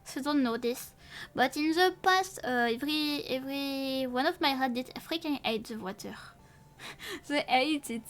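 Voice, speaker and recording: A young woman who speaks natively, chatting casually on a live stream in a rambling, halting way with many restarts and playful swearing. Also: sits high. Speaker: VTuber streamer.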